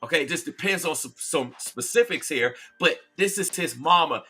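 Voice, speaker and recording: A man hosting a live-stream commentary, his voice sharp and bright and sitting a little high. He talks straight to his viewers in an emphatic, preachy way, hammering points home through repetition. Faint music runs underneath. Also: animated, normal speed, slightly rough. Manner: conversational, addresses viewers directly. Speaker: commentary channel host.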